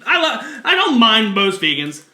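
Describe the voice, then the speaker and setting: High bright-voiced man, crude and laughing. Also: huge pitch swings, unhurried, echoey room. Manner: crude, laughing often, jokey. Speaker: podcast co-host. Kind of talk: crude comedic banter.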